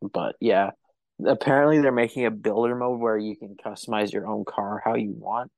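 A man's voice: on the low side, steady tone, moderate pace, gravelly, darkish tone, no echo. A man hosting a podcast in a casual chat, with a wry, offhand sense of humor. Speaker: podcast host.

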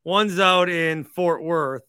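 A man's voice: on the high side, takes it slowly, sharp tone, clean tone. A man hosting a call-in podcast, chatting casually and teasing his callers. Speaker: podcast host.

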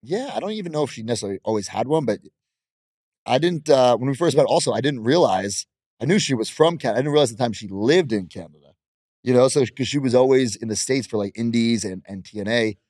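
Fast and lively in his intonation, a thirty-something professional wrestler chats in an interview, brash, boastful, and often laughing. His voice is medium-pitched with a darkish tone, recorded dry at studio quality.

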